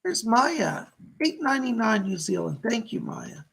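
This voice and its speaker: A man's voice: high voice, sing-song, a little slow, vocal fry, fairly bright tone, husky. A middle-aged man hosting a live stream of psychic readings, gushing as he thanks viewers by name. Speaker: psychic medium host.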